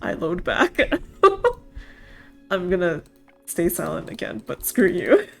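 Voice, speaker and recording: A woman streaming a story game, reacting loudly and laughing between lines. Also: on the low side, sing-song, moderate pace, creaky, husky, soft background music. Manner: loud, laughing outbursts. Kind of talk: game streaming, reading aloud.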